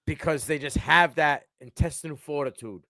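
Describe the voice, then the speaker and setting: A man co-hosting a casual sports podcast, talking in an animated way with frequent restarts. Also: a little high, moderate pace, dry recording. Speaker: podcast co-host.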